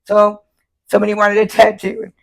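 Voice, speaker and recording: An older woman from Florida, a tattoo artist telling lively stories in an interview, laughing often and acting out the people she quotes. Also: mid-range voice, moderate pace, creaky. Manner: animated, laughs often, acts out quoted voices. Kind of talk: casual storytelling interview.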